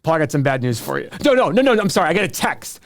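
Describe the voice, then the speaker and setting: Animated man retelling a car-buying saga. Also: fairly high pitch, rapid-fire. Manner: animated storytelling, acting out quoted calls. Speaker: podcast co-host. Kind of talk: casual chat.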